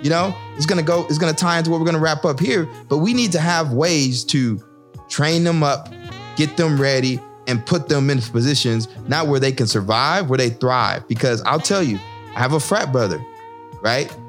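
A man with a somewhat high voice argues his point emphatically, his pitch swinging widely as he presses on. As a former Marine officer in discussion, he keeps checking in with his listener. Faint music plays behind him. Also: moderate pace. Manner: emphatic, lively pitch, keeps checking in with "right?" and "you know?". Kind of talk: impassioned conversational discussion.

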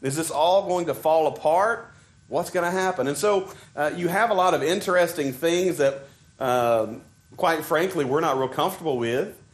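A man's voice: a little high, normal speed. A man from Arkansas with a Southern accent, preaching a sermon in a conversational way, full of fillers and restarts.

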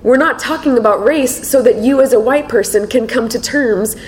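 A woman speaking to an audience in a lively, conversational way, telling stories with laughter. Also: normal speed. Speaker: panel speaker. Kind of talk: conversational talk with anecdotes. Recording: echoey room with faint rumble.

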